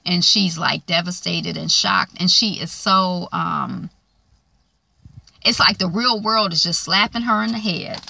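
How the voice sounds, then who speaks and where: A woman casually recapping a TV drama, retelling scenes with animated quoted lines. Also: lowish voice, a little slow, vocal fry, no echo. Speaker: show recapper.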